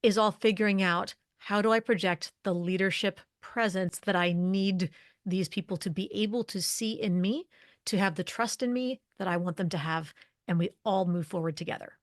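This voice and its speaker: A woman's voice: medium pitch, moderate pace, no room sound. Articulate woman explaining, dry close sound. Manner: articulate, explanatory, lists points in rhetorical questions. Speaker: leadership communication expert guest. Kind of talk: conversational podcast interview.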